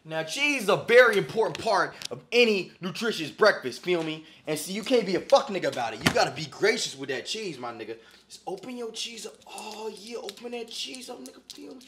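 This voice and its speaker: A young man doing a comic cooking video in his home kitchen, talking in a swaggering, slang-heavy, boastful way. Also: high-pitched. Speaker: comedic cooking vlogger. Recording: echoey kitchen, faint noise.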